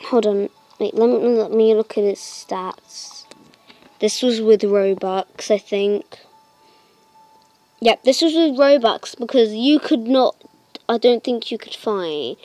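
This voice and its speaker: A woman giving casual gameplay commentary as a channel host, excitable, breaking into delighted squeals and filling pauses with lots of hesitant ums. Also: a little high, soft background music.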